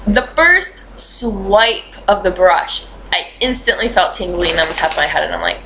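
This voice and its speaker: A young woman tells a story in a loose, chatty vlog style and fills her talk with ums and likes. Her voice sits at an everyday middle pitch. Faint noise hums underneath. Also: expressive, moderate pace, bright, forceful tone, low-quality recording. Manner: rambling, chatty storytelling with many fillers. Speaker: beauty vlogger. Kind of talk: casual chat.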